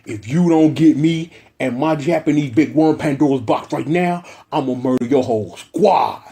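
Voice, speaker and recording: A man's voice: on the high side, moderate pace, dark tone, natural voice. A man doing a swaggering gangster villain. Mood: menacing. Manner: swaggering, threatening street slang. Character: blustering small-time male gangster villain.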